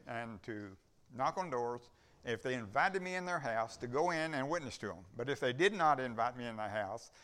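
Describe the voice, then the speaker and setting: A man's voice: mid-range voice, fairly bright tone. An older man, a visiting preacher, telling a folksy story in a church service and acting out the dialogue as he goes. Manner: rambling storyteller, acts out dialogue. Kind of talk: folksy sermon testimony.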